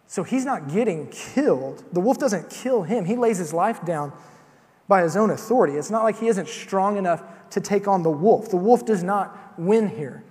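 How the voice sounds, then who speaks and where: A man giving a sermon in an easy, conversational manner, often pausing on fillers and repeating his first words. His voice sits fairly high for a man. The sound rings with the long reverb of a large hall. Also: expressive, darkish tone. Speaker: preacher.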